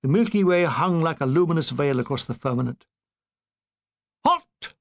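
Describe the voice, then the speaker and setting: Man reading a comic war memoir, deadpan. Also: a little high, quick pace, gravelly. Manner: dry, deadpan comic delivery. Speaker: audiobook reader.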